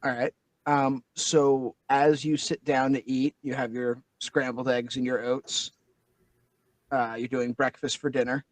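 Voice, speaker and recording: Male game master, slow unhurried narration, dry close sound, loose rambling delivery. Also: medium pitch, flat delivery, no room sound, low-quality recording. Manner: loose, rambling description full of fillers.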